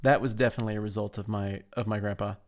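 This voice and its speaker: A man's voice: fairly low pitch, steady tone, rapid-fire. A man co-hosting a podcast, chatting casually with wry, jokey asides. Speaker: podcast co-host.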